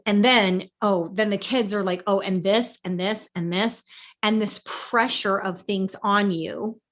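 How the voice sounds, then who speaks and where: A woman's voice: lowish voice, a bit bright. A woman life coach giving a teaching talk, earnest and emphatic, repeating her key points.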